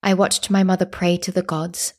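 A woman narrating a historical story in the first person, calm and measured. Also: fairly low pitch.

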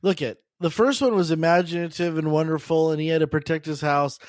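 A man chatting casually with friends as a podcast co-host, excitable and profane, often stammering over his words. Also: a little high, a little fast, dry recording, studio quality. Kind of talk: casual chat among friends.

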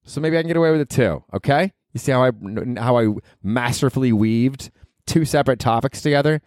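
A man's voice: mid-range voice, fairly quick, a little mellow, dry recording, studio quality. A young man hosting a comedy podcast, rambling and cursing in a self-mocking way. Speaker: podcast host. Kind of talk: casual comedic monologue.

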